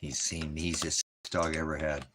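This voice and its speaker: A man's voice: very deep voice, flat delivery, brisk, a bit bright, a little hiss or hum. A man casually chatting to his dogs, affectionate and goofy, slipping into baby talk. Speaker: dog owner.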